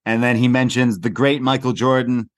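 A man's voice: medium pitch, level tone, normal speed. Chatty Canadian man recapping wrestling. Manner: rambling, swears casually, many fillers. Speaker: podcast co-host. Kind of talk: casual wrestling recap chat.

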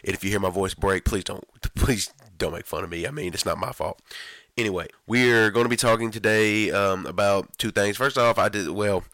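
A man hosting a casual podcast, rambling and self-deprecating, his voice raspy and hoarse because it is giving out. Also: lowish voice, moderate pace, fairly bright tone, no echo. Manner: rambling, self-deprecating, many fillers and restarts. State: hoarse, voice going out. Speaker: podcast host.

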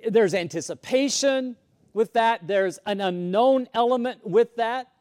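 Man, high voice, pastor's sermon, shifts from loud to whispered, repeats his words. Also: unhurried, clean tone. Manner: dynamic, swinging from loud emphasis to hushed whispers; repeats words when starting sentences.

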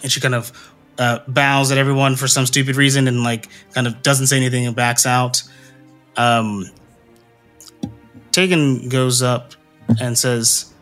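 A man's voice: medium pitch, level tone, a little slow, pauses often, a bit bright, soft background music. A man narrating a tabletop game as game master, hesitant and full of ums and uhs.

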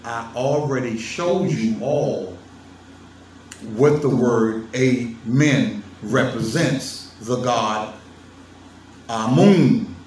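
Slow-talking man in an echoey room. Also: medium pitch, a little mellow, slight background noise. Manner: emphatic, teasing, laughs often, addresses viewers directly. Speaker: vlogger lecturing on religion. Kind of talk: casual monologue to viewers. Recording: roomy sound from a distant mic with faint ambience.

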